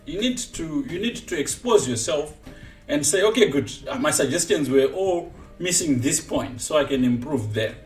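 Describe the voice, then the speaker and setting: A man coaching chess on a live stream, explaining moves in an animated way and laughing often. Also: on the high side, normal speed, reverberant, distant mic, soft background music.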